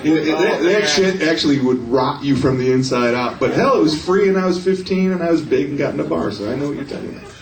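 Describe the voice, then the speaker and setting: A man's voice: on the high side, fast talker, creaky, reverberant, far from the mic, a crowd in the background. A man on a convention panel, blunt and joking with profanity as he swaps stories. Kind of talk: casual convention panel chat. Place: convention panel room with audience.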